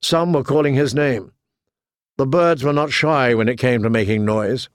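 A man reading a story aloud as narrator, with steady storytelling. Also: medium pitch, moderate pace, smooth, no echo, clean studio sound. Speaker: audiobook narrator. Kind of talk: scripted narration.

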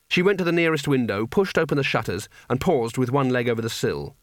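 A man's voice: medium pitch, lively intonation, brisk, few pauses, dry recording. A man reading a comic fantasy story aloud with dry, wry delivery. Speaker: narrator. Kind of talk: audiobook narration.

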